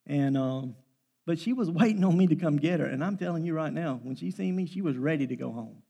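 Folksy preacher man, gravelly. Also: fairly high pitch, animated, a little fast, mellow. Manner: folksy storytelling, rising to emphatic bursts. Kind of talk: sermon with family stories.

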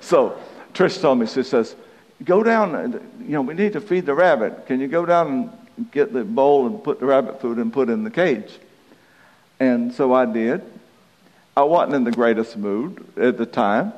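A man's voice: mid-range voice, expressive, moderate pace, a little mellow. A man preaching a sermon, telling a folksy, self-deprecating story and chuckling through it. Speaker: pastor. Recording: dull reverberant hall recording.

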